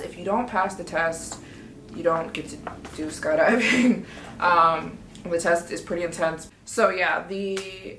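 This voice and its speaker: Woman vlogger, lowish voice, excitable casual storyteller, echoey room. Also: a little hiss or hum. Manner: chatty, excitable, quotes herself often. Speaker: travel vlogger.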